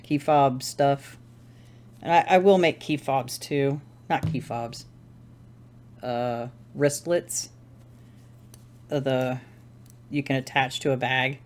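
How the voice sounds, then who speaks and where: A woman's voice: rumbling low, darkish tone. A woman hosting a crafting channel, chatting casually at home while she knits, rambling and correcting herself as she thinks aloud. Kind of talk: casual chat while knitting.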